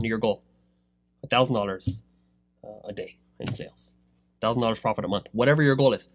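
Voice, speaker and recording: A man giving a rambling motivational talk about online selling, swinging between loud pushes and low asides. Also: brisk, pauses often, slight background noise. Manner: rambling, filler-heavy. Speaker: online seller coaching others.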